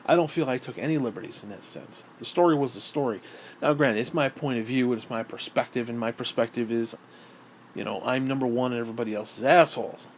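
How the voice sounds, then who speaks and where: A man's voice: medium pitch, fast, slight background noise. A middle-aged man in a casual monologue, ranting in a bitter, profane, rambling way. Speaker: vlogger.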